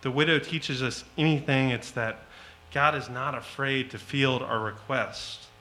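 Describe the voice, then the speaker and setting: Slow bright-voiced preacher man. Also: mid-range voice, steady tone, slight background noise, rough recording. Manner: slow, emphatic, rising to loud pleading when quoting the Psalms. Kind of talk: sermon.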